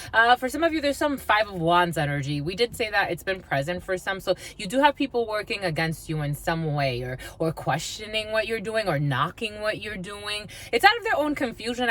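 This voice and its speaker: A woman's voice: medium pitch, lively intonation, normal speed, hardly any pauses, fairly bright tone. A woman giving a casual tarot reading, chatty and blunt, swearing freely and laughing as she talks. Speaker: tarot reader.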